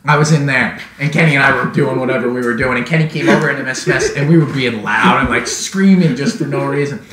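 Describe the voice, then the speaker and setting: A young man co-hosting a podcast, chatting casually with friends and telling animated stories with some swearing. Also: medium pitch, quick pace, a crowd in the background. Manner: animated storyteller, swears freely. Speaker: podcast co-host. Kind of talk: casual chat among friends. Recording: echoey room with background noise.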